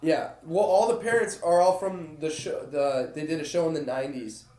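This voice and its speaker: A man's voice: a little high, normal speed, warm tone. Profane laid-back man in an echoey room. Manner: loose and profane, laughs easily. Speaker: podcast co-host. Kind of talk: casual chat.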